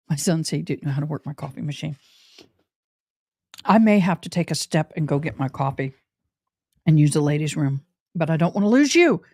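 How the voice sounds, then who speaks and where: A middle-aged woman talks casually and personally to her livestream audience. Her voice sits fairly low. The sound is dry and close, with no room echo. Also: a little mellow. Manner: chatty, personal, addresses viewers directly. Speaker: livestream host.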